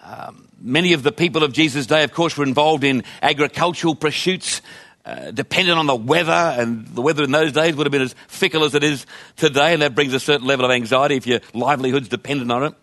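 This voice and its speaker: A man's voice: mid-range voice, fast talker, a bit bright. A male pastor preaching a sermon in a conversational, emphatic way, asking his listeners rhetorical questions.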